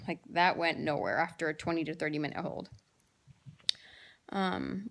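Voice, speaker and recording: A woman in her thirties chatting casually to camera, telling amused family stories with lots of fillers and restarts. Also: fairly low pitch. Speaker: vlogger telling home stories. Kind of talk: casual storytelling monologue.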